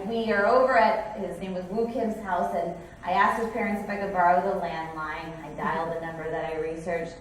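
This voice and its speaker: A woman's voice: mid-range voice, slight background noise. A woman in her forties giving a conference keynote, telling stories in a chatty way with restarts. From California. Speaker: company president giving keynote. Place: conference hall. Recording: echoey hall, mic from a distance.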